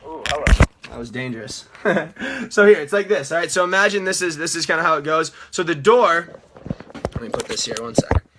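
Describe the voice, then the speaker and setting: A man with a fairly high, tense, sharp-edged voice tells a personal story to his livestream viewers. He is animated and emphatic, circles back on his words, and keeps checking in with the audience. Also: a little fast, long pauses, a little hiss or hum. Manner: emphatic and repetitive, often checking in with "all right?" and "guys".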